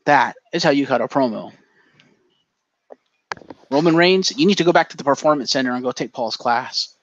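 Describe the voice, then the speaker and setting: On a casual podcast, a male co-host tells a story with energy and swears freely. His voice is mid-range and his pace normal. The lo-fi recording sounds dull and dry, with a faint hiss or hum.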